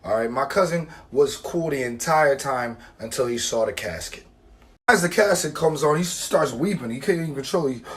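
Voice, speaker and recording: Animated young man telling a story. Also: mid-range voice, normal speed. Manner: animated, profane, acts out quoted voices. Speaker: vlogger. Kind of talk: comedic storytelling to camera.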